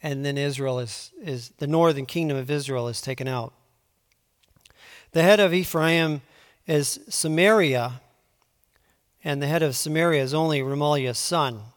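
High-voiced preacher in a reverberant hall. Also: male voice, normal speed, pauses often. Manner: conversational Bible teaching, swings from quiet to emphatic. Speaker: pastor. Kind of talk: sermon.

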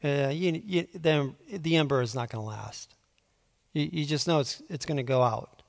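A man preaching a conversational Bible teaching, moving between quiet asides and emphatic pleading. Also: a little high, moderate pace, vocal fry. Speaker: pastor. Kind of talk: sermon. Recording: long hall reverb.

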